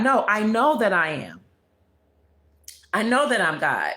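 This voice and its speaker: A woman hosting her own channel gives an emphatic spiritual monologue, preachy and declarative, repeating her declarations. Her voice is on the high side, sing-song and fairly bright, at a moderate pace with long pauses, and the recording has a roomy echo.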